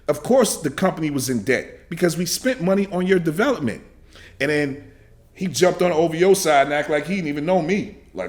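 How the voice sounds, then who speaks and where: A man in his thirties rants hotly into the camera, his voice climbing and dropping all over the place as he vents. He swears freely, circles back to the same points, and breaks into shouts, all pitched a touch high for a man. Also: big pitch swings, moderate pace. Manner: heated, profane, repeats himself, shouts in bursts. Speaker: reaction video host. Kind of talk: angry ranting reaction.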